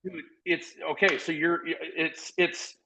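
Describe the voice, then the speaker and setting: A man in his forties from South Dakota talks as a podcast guest, earnest and energetic, circling back through restarts and fillers. His voice sits a little high and rings bright and forceful. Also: unhurried, a little hiss or hum, low-quality recording. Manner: earnest, motivational. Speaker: podcast guest, former college football walk-on. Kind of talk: casual conversational storytelling.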